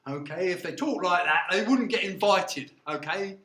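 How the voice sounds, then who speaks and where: A man's voice: high-pitched, expressive, normal speed, hardly any pauses, pushed and bright, roomy sound. A man in his seventies with an English received pronunciation accent, giving a classroom lecture and often checking in with "okay?". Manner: checks in with "okay?", slips in foreign words. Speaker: university lecturer.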